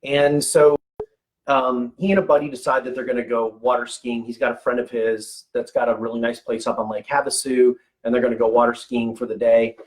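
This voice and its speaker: A man in his forties talks straight to his listeners in a loose, motivational way. His voice sits at a middle pitch, and he repeats words and keeps asking "okay?" as he goes. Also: flat delivery, fairly quick, low-quality recording. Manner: conversational, repeats words, frequent "okay?" check-ins. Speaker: motivational business coach for medical practice owners. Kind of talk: casual motivational talk to camera.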